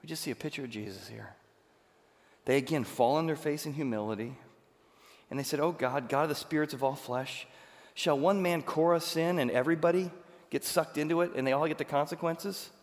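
Male pastor, high voice, acts out a story in his sermon and swings between loud and hushed; reverberant hall. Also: fairly quick.

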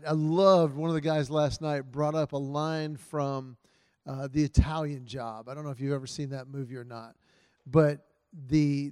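A man's voice: on the high side, a little mellow, dry recording, studio quality, long reverb tail. A man giving earnest, storytelling marriage advice to husbands in a casual talk, often quoting his wife's words in his own voice.

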